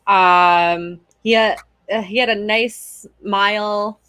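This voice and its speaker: Giggly woman cohost, bright punchy voice, super dry mic. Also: medium pitch, fairly even intonation, takes it slowly, smooth, no echo. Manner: playful, giggly, enthusiastic. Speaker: co-host. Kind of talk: casual reaction chat.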